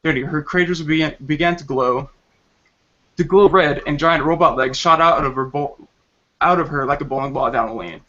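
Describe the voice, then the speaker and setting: A man's voice: a little high, normal speed, bright, forceful tone, highs cut off. A man reading a crude comedy story aloud on a podcast, often laughing and stumbling over words.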